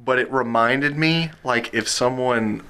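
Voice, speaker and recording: A man co-hosting a comedy podcast, making dry, deadpan jabs in casual chat. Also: medium pitch, measured pace, clean tone. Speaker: podcast co-host.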